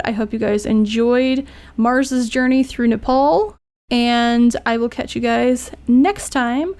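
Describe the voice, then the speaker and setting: A woman hosting a let's play, giving chatty, enthusiastic game commentary. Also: fairly high pitch.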